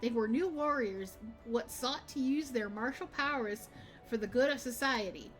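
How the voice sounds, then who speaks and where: Woman doing a long-winded dockside guild clerk, Southern drawl, folksy, fairly high voice. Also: faint music behind, natural voice. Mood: friendly. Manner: folksy, drawn-out, old-fashioned dialect speech.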